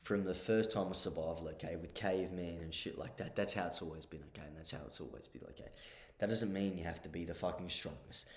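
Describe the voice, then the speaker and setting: A man's voice: low voice, steady tone, quick pace. A man giving casual advice in a blunt, profane way, often checking in with the listener. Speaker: advice vlogger. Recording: roomy echo.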